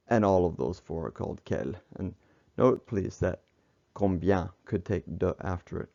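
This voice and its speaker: A deep, mellow male voice that moves at an unhurried pace, explaining French grammar step by step in a measured teaching manner. The recording is slightly muffled and lo-fi. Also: gravelly. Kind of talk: instructional narration.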